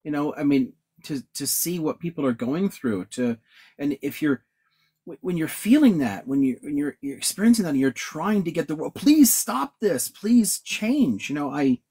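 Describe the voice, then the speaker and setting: A man's voice: fairly high pitch, animated, normal speed, warm tone, breathy edge. A man talking in a casual discussion, thoughtful and hesitant, with frequent restarts. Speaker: discussion panelist.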